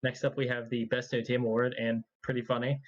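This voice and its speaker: A man's voice: mid-range voice, level tone, a little fast, dull audio. A man presenting esports award results, listing records and win rates in a plain manner. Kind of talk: reading results in casual chat.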